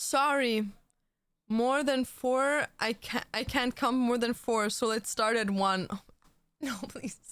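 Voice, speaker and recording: A woman's voice: a little high, fairly even intonation, takes it slowly, a bit bright, clean tone, dry recording, studio quality. A woman livestreamer chatting casually and playfully, laughing and thanking viewers for donations. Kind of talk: casual live-stream chat.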